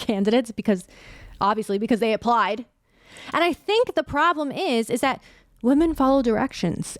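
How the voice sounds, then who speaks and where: Brief: woman podcast host, late 20s-30s, casual and candid, smooth clear tone, dry close mic. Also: medium pitch, no echo. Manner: candid, animated, swears casually.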